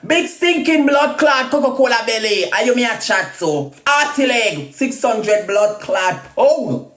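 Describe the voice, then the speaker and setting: A Jamaican woman ranting crudely on a live video, trading loud insults and singsong taunts. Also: a little high, expressive, measured pace. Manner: loud crude cussing, sing-song taunts. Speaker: social media personality. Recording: roomy echo.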